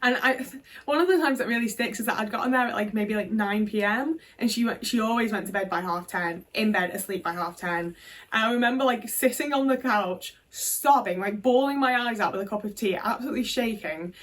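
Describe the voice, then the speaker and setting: A woman's voice: fairly high pitch, brisk, fairly bright tone, distant mic, slight background noise. A woman candidly telling a personal story in a vlog, swearing often and leaning on fillers as she talks. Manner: frank, emotional storytelling with many fillers and swearing. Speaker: vlogger.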